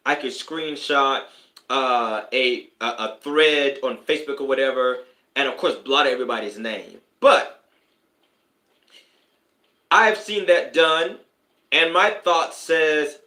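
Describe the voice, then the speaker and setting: Guy doing a spiritual live stream, kinda high bright voice, rambly then preachy bursts, roomy echo. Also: takes it slowly. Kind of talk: casual live-stream talk to viewers. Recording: echoey room.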